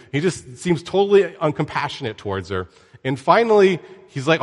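A man giving a casual Bible lesson, conversational and joking, with lively asides to his listeners. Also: fairly high pitch, a little fast, big-room sound. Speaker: Bible teacher.

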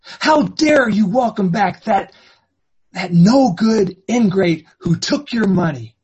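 A man voicing a resentful older brother in a husky voice, making an accusing outburst. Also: high-pitched, animated, slow pace, a little mellow, highs cut off, voice pushed up, full character voice. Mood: indignant.

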